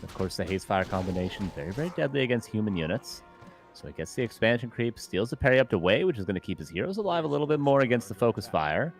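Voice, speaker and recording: A man giving analytical, measured live commentary on a strategy game match. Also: on the low side, sing-song, faint music behind. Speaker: esports commentator.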